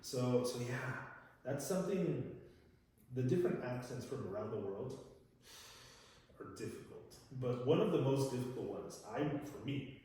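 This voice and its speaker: Male English teacher, casual chat, tag questions, mid pitch, distant mic. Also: lively intonation, moderate pace, mellow. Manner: chatty, tag questions, many fillers and restarts. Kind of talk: casual conversational lesson. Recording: echoey room, mic at a distance.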